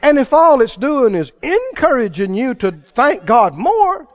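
High, lively male preacher. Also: measured pace. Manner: emphatic, call-and-response, laughing asides. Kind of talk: sermon. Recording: dull dry sound.

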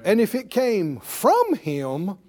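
A man's voice: high-pitched, wildly swooping pitch, takes it slowly, darkish tone. A man preaching a sermon as pastor, emphatic, repeating phrases and drawing call-and-response from the congregation.

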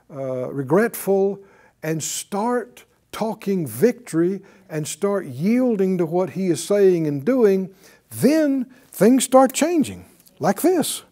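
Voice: mid-range voice, mellow. A Bible teacher giving a broadcast lesson in a conversational way, often asking the audience rhetorical questions and chuckling while telling the story.

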